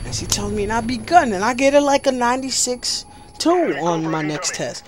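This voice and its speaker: A man's voice: extremely high pitch, animated, normal speed, slight background noise. A teenage boy casually telling a rambling, profane story over gameplay. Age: teens. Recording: game gunfire loud behind voice. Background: video game gunfire.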